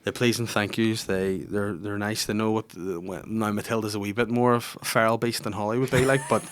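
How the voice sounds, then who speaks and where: A man's voice: on the low side, steady tone, a little fast, clear, resonant tone. A man hosting a comedy podcast, chatting with teasing, jokey asides about being a dad. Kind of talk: casual comedy chat.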